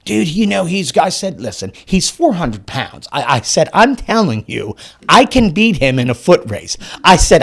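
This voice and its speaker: A man on a podcast as the guest, telling a story in an excitable way. He swears often, laughs mid-sentence and acts out the dialogue. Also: a little high, moderate pace, vocal fry, husky. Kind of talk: animated storytelling.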